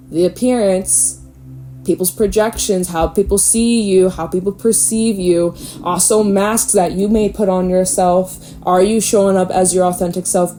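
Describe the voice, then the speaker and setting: Woman tarot reader, mellow tone, casual and animated, faint music behind. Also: lowish voice. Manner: animated, swears casually, laughs often. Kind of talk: casual spiritual reading.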